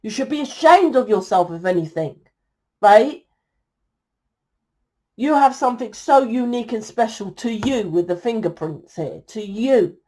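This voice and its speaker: A woman's voice: a little high, animated, unhurried, dark tone. A woman giving a tarot reading to her viewers, blunt and exasperated, scolding them and swearing freely. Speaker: tarot reader.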